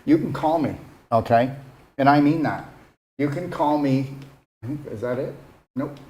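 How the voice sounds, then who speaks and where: A man's voice: medium pitch, unhurried, dark tone, dull audio. A man giving a casual, earnest motivational talk as a wellness retreat host, coaxing his listeners and often checking in with "okay?". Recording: echoey room.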